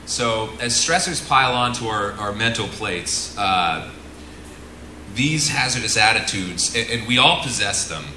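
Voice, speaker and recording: A man's voice: lowish voice, background noise. A middle-aged man, a flight instructor, giving a casual, joking seminar and asking the room questions. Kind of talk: seminar lecture to an audience. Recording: echoey room.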